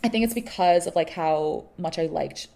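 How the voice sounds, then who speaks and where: A woman's voice: fairly low pitch, normal speed, gravelly, dark tone. A woman co-hosting a podcast in casual chat about a TV series, easygoing and hesitant, with many "like" and "um" fillers. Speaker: podcast co-host.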